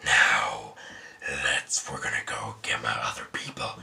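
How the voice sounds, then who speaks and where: A man putting on the voice of a menacing male alien symbiote in a low, hissing whisper. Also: fairly even intonation, unhurried, creaky, pushed and bright, roomy sound, distant mic, full character voice.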